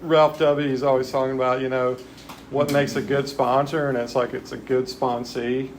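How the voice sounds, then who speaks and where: A man's voice: mid-range voice, flat delivery, normal speed, slight background noise, poor audio. A man sharing casually and wryly at a spiritual retreat, joking about himself. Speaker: recovery retreat speaker. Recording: live room with audience murmur.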